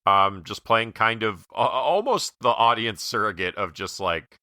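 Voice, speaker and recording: A man co-hosting a podcast, musing about a movie in a measured way with lots of fillers. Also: on the low side, lively intonation, sharp tone, no echo, studio quality. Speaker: podcast co-host. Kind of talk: casual movie review chat.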